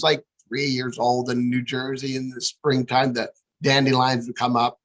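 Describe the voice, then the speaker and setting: A middle-aged man, a guest, telling a personal story with lively acted-out dialogue. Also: medium pitch, normal speed, low-quality recording. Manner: animated, acts out quoted dialogue. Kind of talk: storytelling interview.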